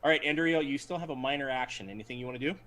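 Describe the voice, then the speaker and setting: A man running a tabletop game as game master, narrating scenes and rulings in a playful, animated way. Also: mid-range voice, racing.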